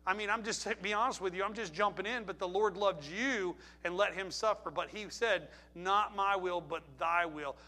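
A man's voice: high voice, fairly quick, few pauses, pushed and bright. A man preaching a sermon, emphatic, asking the congregation rhetorical questions. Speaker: pastor.

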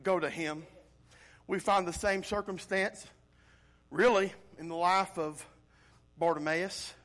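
High-voiced man preaching a lively sermon. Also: slow. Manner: animated preaching, swinging from loud to quiet. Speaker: pastor.

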